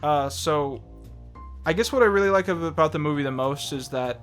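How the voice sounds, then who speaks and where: A man's voice: a little high, moderate pace, fairly bright tone, soft background music. A young man chatting casually as a movie review co-host, rambling with lots of fillers and restarts and laughing often.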